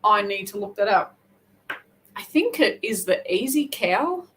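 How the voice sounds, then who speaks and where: Australian woman, crochet livestream host, relaxed rambling chat. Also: mid-range voice, low-quality recording. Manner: chatty, rambling, quick self-corrections. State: hair wet, just out of the shower. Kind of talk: casual live chat.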